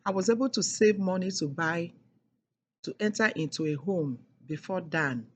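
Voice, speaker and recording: A woman's voice: on the low side, moderate pace, slight background noise. A middle-aged woman telling a personal story in an emphatic, repetitive way, leaning hard on key words. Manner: emphatic and repetitive, with heavy stresses. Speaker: speaker sharing a personal testimony.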